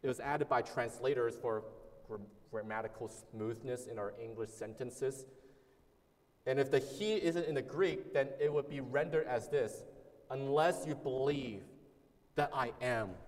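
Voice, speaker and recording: A man's voice: mid-range voice, normal speed, a little mellow, long reverb tail. A man preaching a sermon as a pastor, earnest and emphatic, repeating key words and sometimes restarting phrases.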